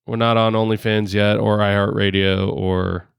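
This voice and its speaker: A man's voice: fairly low pitch, flat delivery, moderate pace, gravelly, smooth, no room sound, clean studio sound. A man co-hosting a casual podcast on a headset mic, rambling with lots of fillers and laughing often. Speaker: podcast co-host.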